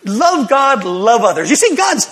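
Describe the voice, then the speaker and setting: A man's voice: extremely high pitch, big pitch swings, unhurried, fairly bright tone, big-room sound, a little hiss or hum. An older man, a pastor, telling a personal testimony to his congregation as an emotional storyteller who laughs between lines.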